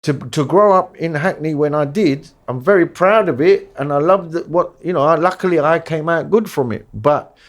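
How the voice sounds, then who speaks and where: A middle-aged man from East London, appearing as a DJ guest on a candid podcast, talks bluntly and swears freely, mimicking people when he quotes them. His voice is a little high at a normal speed.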